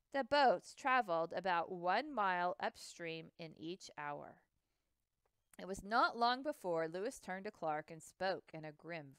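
A woman reading a children's chapter book aloud, expressive, with occasional slips and restarts. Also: medium pitch, smooth, no echo. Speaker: reader. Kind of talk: storybook read-aloud.

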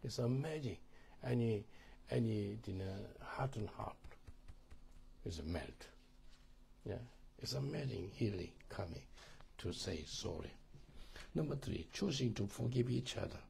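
Earnest halting man teaching, gravelly and low. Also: expressive, mellow. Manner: halting, repeats words, asks listeners "Do you understand?". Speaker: marriage course teacher. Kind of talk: church teaching on marriage.

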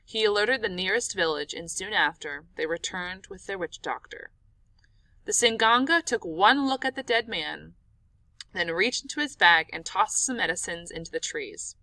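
A woman narrates an audiobook with expressive, dramatic storytelling. Her voice is mid-range, her pace normal, and the recording has no room sound.

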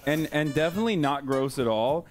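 A man's voice: on the high side, animated, a little fast, faint music behind. A man in his thirties chatting casually and joking around with animals, swearing playfully. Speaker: streamer, visiting guest. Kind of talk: casual chat.

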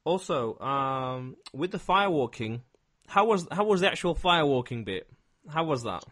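A man's voice: a little high, very animated, normal speed, a bit bright. Reflective man hosting a podcast. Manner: reflective, explains ideas step by step. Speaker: podcast host. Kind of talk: conversational interview.

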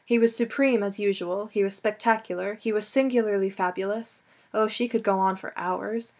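Woman reading a storybook, steady and even. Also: mid-range voice, moderate pace. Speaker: audiobook reader. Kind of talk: scripted narration.

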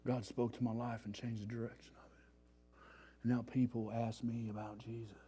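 A man's voice: mid-range voice, normal speed, slightly rough. A man giving a sermon-style testimony at a church recovery revival, telling his story in slangy street talk and acting out his past panic. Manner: animated, acts out his own past panic.

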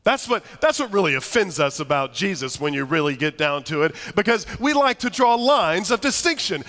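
Bright, high-voiced pastor preaching. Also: male voice, normal speed, hardly any pauses. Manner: animated, humorous storytelling to a congregation. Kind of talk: sermon. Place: church sanctuary. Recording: long church reverb.

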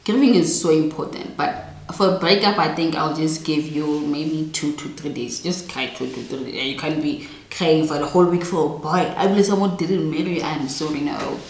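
A young woman with a low voice talks straight to her viewers, blunt and emphatic in a chatty advice vlog. The sound is roomy, with a clear echo off the walls. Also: moderate pace, slight background noise. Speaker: vlogger giving relationship advice. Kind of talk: casual advice monologue to camera.

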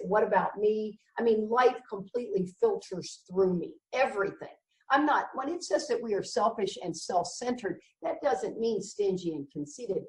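A woman's voice: mid-range voice, recorded from a distance. A middle-aged woman giving a candid recovery talk in a blunt, emphatic way with wry jokes. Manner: emphatic, blunt and wryly joking. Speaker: recovery meeting speaker. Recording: echoey room, voice from the mic.

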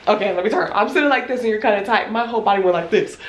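A woman in her twenties telling a casual storytime, animated and slangy, with lots of filler words and cursing. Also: medium pitch, racing. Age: 20s. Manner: animated, slangy, swears freely, many "like" fillers. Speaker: vlogger. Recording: echoey room.

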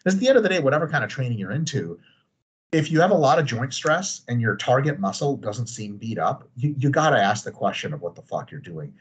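Podcast guest, thirties, male: husky, very expressive, swearing freely. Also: mid-range voice, quick pace. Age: 30s. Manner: animated, profane, ranting with humor. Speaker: podcast guest, training expert. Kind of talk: casual chat.

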